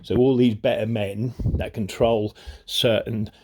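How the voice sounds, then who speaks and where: A man's voice: lowish voice, steady tone, unhurried, noisy background. A man vents at the camera in a long, rambling rant. He swears freely and keeps coming back to "you know what I mean". His voice sounds strained, the way it gets when he is angry. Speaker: vlogger.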